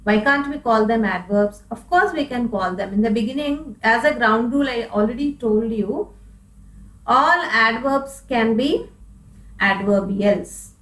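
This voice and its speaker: A woman's voice: a little high, lively intonation, unhurried, fairly bright tone, far from the mic. A woman English teacher with an Indian English accent, explaining a grammar lesson patiently and asking and answering her own questions. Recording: echoey room, voice from off-mic.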